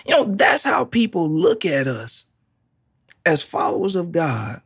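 Slow, gravelly preacher with a lively voice. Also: medium pitch. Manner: emphatic, repeats key phrases, laughs often. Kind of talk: sermon.

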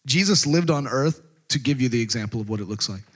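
A man's voice: medium pitch, animated, quick pace. A man from Texas, preaching a sermon in a joking, conversational way full of rhetorical questions. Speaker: pastor.

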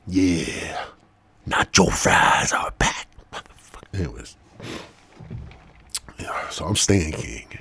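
A man's voice: fairly low pitch, darkish tone, no echo. A man hosting a podcast alone, rambling loosely through a profane monologue into a mic. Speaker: podcast host.

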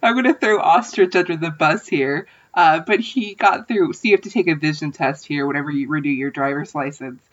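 A woman's voice: deep voice, brisk, few pauses. Chatty woman on a dull line. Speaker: podcast co-host. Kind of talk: casual chat.

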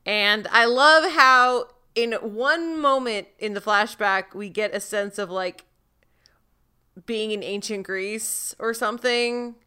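A woman co-hosts a casual recap podcast, talking through the episode in a chatty, joking way. Her voice is bright and smooth, with a clear, polished tone. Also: a little high, slow pace. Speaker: podcast co-host.

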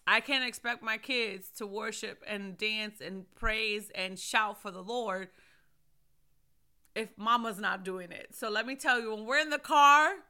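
A middle-aged woman, a mother and ministry leader, preaching fervently and shouting praise. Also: medium pitch, a little slow, smooth. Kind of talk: sermon.

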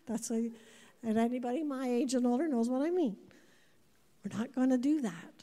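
A woman in her fifties preaching a sermon to a congregation, animated, repeating words and putting questions to the room. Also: on the high side, normal speed. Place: church before a congregation. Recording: long hall reverb.

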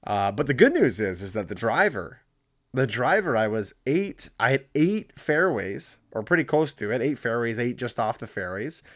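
A man's voice: medium pitch, sing-song, normal speed, a bit bright, no room sound. A man co-hosting a casual sports podcast in a middle-range voice. He rambles through his points, restarts often and pokes fun at himself. The sound is dry and close, with no room around it. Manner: rambling, self-deprecating, many restarts. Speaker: podcast co-host.

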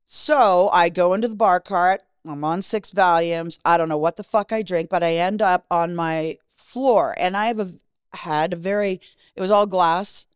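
A woman's voice: fairly low pitch, moderate pace, smooth, no echo, studio quality. A middle-aged woman, a podcast guest, candidly telling a personal story in a frank, profane way and acting out the lines of the people in it.

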